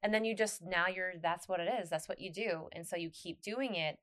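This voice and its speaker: A woman's voice: fairly low pitch, brisk, fairly bright tone. A woman co-hosting a podcast, talking in a loose, rambling way with many restarts. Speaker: podcast co-host. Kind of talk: casual chat.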